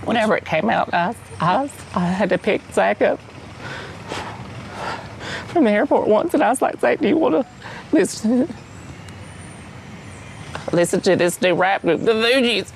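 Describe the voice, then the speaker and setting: A man playing an awkward adult twin brother in a mock documentary interview, halting and rambling, his voice jumping high. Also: expressive, vocal fry, a little hiss or hum, full character voice. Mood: earnest.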